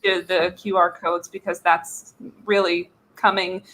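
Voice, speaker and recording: A woman's voice: fairly low pitch, level tone, a little slow, fairly bright tone. A woman guest on an online panel, speaking casually with fillers and light laughs. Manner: chatty, laughs between points. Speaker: guest journalist.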